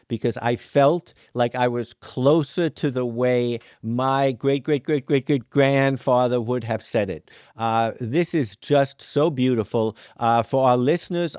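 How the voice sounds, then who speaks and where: A man's voice: medium pitch, darkish tone, clean tone, dry recording, clean studio sound. A man hosting a podcast, talking in an enthusiastic, casual way with many fillers. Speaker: podcast host.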